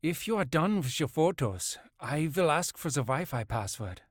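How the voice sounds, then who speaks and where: A man's voice: on the high side, big pitch swings, moderate pace, dry recording, clean studio sound, pitched above the performer's own voice. A man voicing a wary middle-aged male tourist with a German accent, speaking stiffly and formally. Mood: bewildered.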